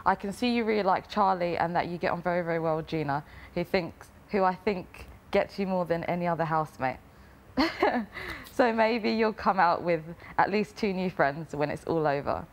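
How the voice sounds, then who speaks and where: A young woman, a reality show contestant, reading a family letter aloud in an emotional way. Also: lowish voice. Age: young adult. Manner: emotional, breaking into laughter while reading.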